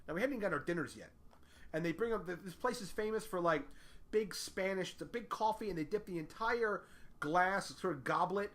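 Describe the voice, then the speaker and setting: High-voiced man telling a rambling story. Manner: rambling, profane, self-deprecating, with loud put-on voices. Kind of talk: casual comic storytelling.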